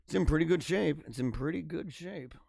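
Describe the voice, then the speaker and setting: A man's voice: a little high, a little fast, gravelly, darkish tone, breathy edge, no echo, clean studio sound. A man hosting a casual livestream, reading news items aloud and joking about them in a rambling way. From United States. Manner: rambling, joking, chuckles often. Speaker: livestream host.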